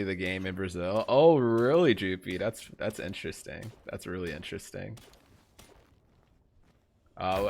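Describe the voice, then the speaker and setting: A man's voice: deep voice, creaky. A man streaming a game, chatting casually with his viewers. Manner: chatty, trails off quietly, then greets chat brightly.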